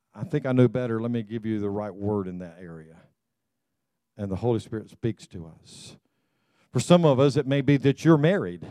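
A middle-aged man preaching a sermon with a mellow, warm tone at an ordinary pitch. He talks conversationally and with animation, piling up restarts and repeated phrases. The sound is close and dry, with little room echo. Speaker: pastor.

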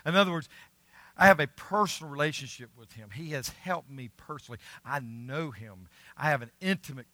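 A middle-aged man preaching a sermon as pastor, earnest and emphatic, swinging between loud stressed words and quiet asides. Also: mid-range voice, dry recording. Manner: earnest, emphatic preaching with rising and falling volume.

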